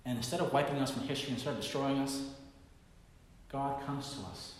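Male pastor, mid-pitched voice, dramatic sermon storyteller in a booming reverberant hall. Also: fairly quick. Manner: dramatic storyteller, swings from hushed to loud bursts.

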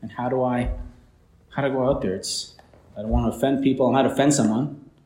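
A man's voice: medium pitch, steady tone, quick pace, dark tone, echoey room. A man, probably a pastor, preaching a sermon and telling a personal story in an earnest way, restarting his sentences often.

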